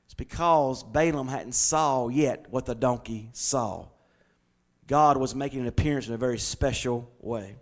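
A man's voice: medium pitch, unhurried. A man preaching a sermon, reading scripture and building fervently into proclamations. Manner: reads scripture aloud.

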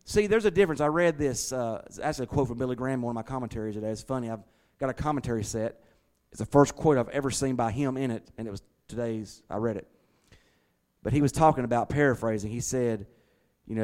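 A man preaching a sermon to his congregation, swinging from loud emphatic lines to quiet, hushed asides. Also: medium pitch, fast. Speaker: pastor.

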